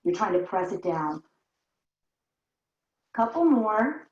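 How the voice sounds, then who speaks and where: Taking it slowly, this woman speaks in a mid-range voice with big swings in pitch. She's teaching barre, performing the moves alongside her class while counting and coaching, slightly breathless, in a roomy, dull, lo-fi recording.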